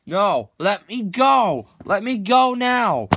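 A man voicing a jittery cartoon sea sponge boy in a squeaky, yelping voice. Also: big pitch swings, slow pace, noisy background, full character voice. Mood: panicked. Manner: squeaky, yelps and pleads.

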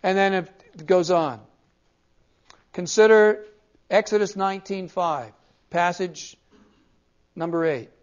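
A man's voice: high voice, slow, long pauses. A male pastor teaching a class, emphatic and repeating key words to drive each point home. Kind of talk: classroom theology lecture. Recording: dull lo-fi cassette tape.

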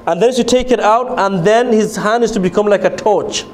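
High-voiced man giving a religious lecture. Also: brisk. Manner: explains and questions the audience, many fillers and restarts. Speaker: lecturer on a pilgrimage programme. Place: lecture room in a city of pilgrimage.

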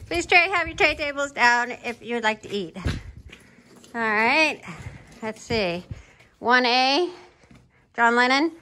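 A woman's voice: a little high, expressive, slow pace, pauses often, sharp tone. A woman who works as a flight attendant, playfully running a mock in-flight meal service outdoors while feeding horses, with cheery, teasing cabin-crew patter.

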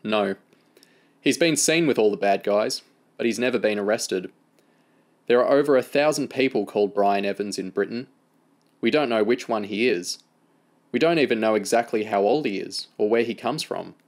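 A man reads as a calm adult handler with a dry sense of humour, speaking in a steady, level way with a hint of amusement. The voice sits fairly low. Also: moderate pace, close to an everyday voice.

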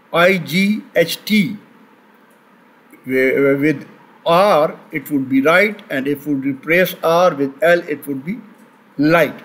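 A man giving a recorded linguistics lecture, pausing often with fillers and restarts. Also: a little high, poor audio. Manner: halting, many fillers and restarts. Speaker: teacher.

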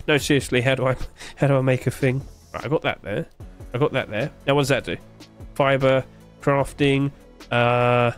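A man's voice: medium pitch, a bit bright, clean tone. A man giving casual gameplay commentary, thinking aloud, puzzled and joking, with plenty of fillers. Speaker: streamer playing a game.

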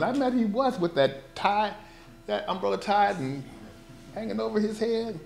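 A man's voice: high voice, brisk, vocal fry. Man reading a storybook with wry asides. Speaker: performing artist. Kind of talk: reading a children's story aloud with comic asides. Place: live performance event at an art gallery.

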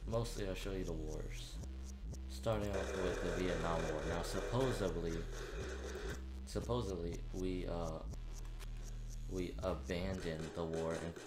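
A man giving casual, rambling gameplay commentary as a gaming YouTuber, self-mocking and breaking into excited yells. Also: low-pitched, a little slow, long pauses, heavy background noise. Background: loud background music.

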